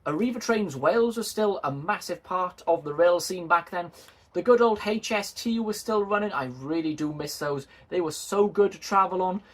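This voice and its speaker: A man's voice: high voice, normal speed. A man chatting casually and jokingly to his video viewers, self-deprecating and friendly. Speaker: model railway YouTuber.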